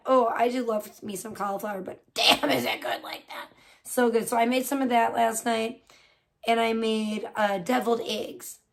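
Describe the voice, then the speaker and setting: A woman with a high-pitched voice hosts a casual livestream. She cusses freely in everyday chat and drifts into sing-song baby talk with her cat, keeping the whole thing loose and offhand. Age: adult, older than most of her chat. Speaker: livestream host.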